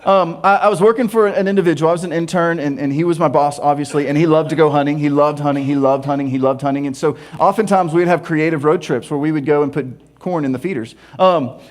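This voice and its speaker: A man with a notably high voice delivers a sermon. He tells stories with animated humor and slips in playful asides. His delivery moves between quiet confiding stretches and lively bursts. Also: fast, hardly any pauses. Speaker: pastor.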